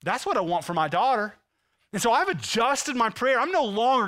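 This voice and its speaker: A man in his thirties preaching a sermon as pastor, impassioned, swinging from loud emphasis to hushed intensity. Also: high voice, sing-song, moderate pace.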